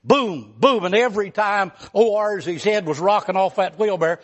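A man's voice: high voice, moderate pace. A man, a pastor telling a folksy mountain story in a sermon. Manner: folksy, rambling storyteller with many fillers.

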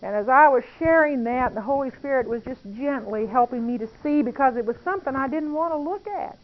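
A woman's voice: high-pitched, a little fast. Earnest woman sharing her faith. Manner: earnest, intimate, confiding. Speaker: Christian speaker. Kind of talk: testimony-style talk on prayer. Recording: dull lo-fi recording.

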